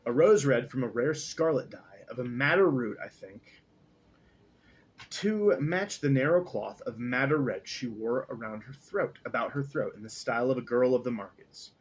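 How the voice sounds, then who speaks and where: A man's voice: mid-range voice, slightly rough. A man casually reading a novel aloud, adding comments, tripping over words and cursing at himself. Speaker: reader.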